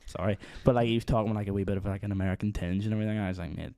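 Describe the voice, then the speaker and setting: A man's voice: lowish voice, fairly even intonation, very fast, warm tone, no echo. Rambling young Northern Irish man. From Northern Ireland. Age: young adult. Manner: rambling storyteller, lots of "like" fillers, acts out quotes. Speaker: podcast guest. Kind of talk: casual chat.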